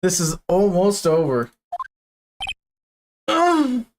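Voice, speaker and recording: A woman's voice: on the low side, sing-song, extremely slow, a little mellow, a little hiss or hum. A woman in a casual let's-play, joking and swearing while she voices a story game's lines. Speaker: gamer playing and voicing a story game. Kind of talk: casual let's-play commentary and reading aloud.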